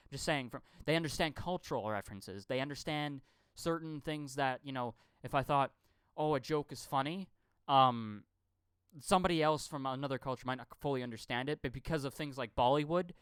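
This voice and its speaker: A man's voice: medium pitch, a little fast, fairly bright tone, smooth, no room sound. A man rambling through a profane live-stream rant, stammering and repeating his words. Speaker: channel host.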